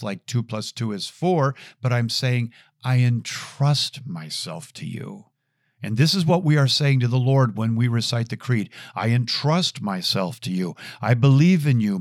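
A man speaks at a middle pitch in an earnest, storytelling way, teaching about faith and returning to key phrases for emphasis. The sound is dry and close, with no room around it. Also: dry recording. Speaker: Catholic speaker. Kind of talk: podcast teaching.

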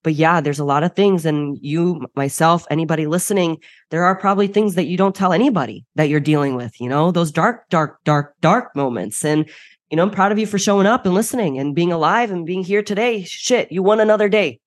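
A woman's voice: fairly low pitch, brisk, no echo, clean studio sound. A young woman from the United States, a podcast guest talking candidly and emphatically with many filler words. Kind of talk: candid interview talk.

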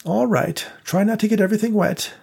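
Old male theater manager, prim and formal, raised pitch, read by a male narrator. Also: fairly quick, vocal fry, a little mellow, breathy edge, full character voice.

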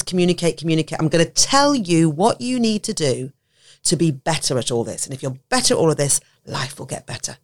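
A woman talks in a relaxed podcast chat and drops into little acted voices of teachers and children as she explains. Her speech is lively and expressive, and she laughs easily. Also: low voice, fast. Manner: animated, acts out quoted voices, laughs often. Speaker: podcast guest, autism educator. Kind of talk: conversational podcast talk.

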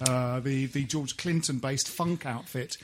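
A man hosting a casual podcast, halting and restarting often with a dry wit. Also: mid-range voice. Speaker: podcast host.

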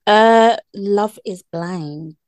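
A woman in casual podcast chat, relaxed and agreeable, often answering briefly. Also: medium pitch, very slow, no room sound.

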